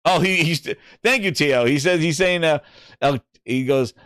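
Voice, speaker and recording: A man's voice: fairly high pitch, normal speed, fairly bright tone, clean tone, no room sound, clean studio sound. A man hosting a gaming livestream, reading viewer comments in casual, profane, hype-driven banter. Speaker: gaming channel host.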